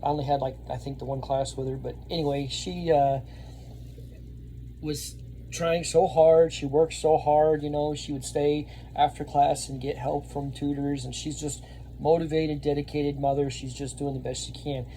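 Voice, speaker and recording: A man, telling a rambling story to camera and getting louder when he acts out scenes. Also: a little high, moderate pace, slight background noise. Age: 30s. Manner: rambling, animated, laughs often, shouts when reenacting. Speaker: vlogger and Army veteran.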